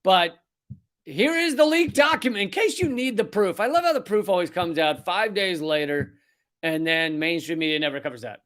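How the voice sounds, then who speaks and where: A high-pitched man tears into his subject in a heated, satirical rant. His talk is profane and sarcastic, full of scorn. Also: lively intonation, moderate pace, a bit bright. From United States. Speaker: comedy news show host. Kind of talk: ranting satirical commentary.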